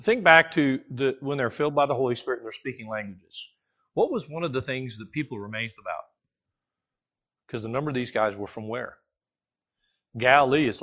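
A man preaches in a relaxed, conversational way, putting questions to the congregation and dropping in jokes. His voice sits at a middling pitch and swings up and down as he talks. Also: fairly quick, pauses often. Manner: casual, animated, asks the listeners questions, jokes, restarts often. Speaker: pastor teaching a Bible study. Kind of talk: conversational sermon.

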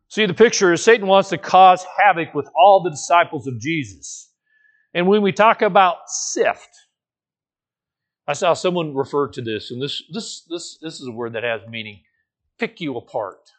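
A man preaching a conversational sermon as a pastor teaching a Bible study, informal and animated, with playful asides and light laughs. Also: a little high, measured pace, long pauses.

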